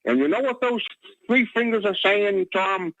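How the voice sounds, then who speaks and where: A male caller rambles through a radio call-in, stumbling over words and restarting sentences again and again. His voice sits high and swings widely in pitch. The line is dry and muffled, like a lo-fi phone. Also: lively intonation, moderate pace, a bit bright, no echo. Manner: rambling, stammering, many restarts. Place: Boston area.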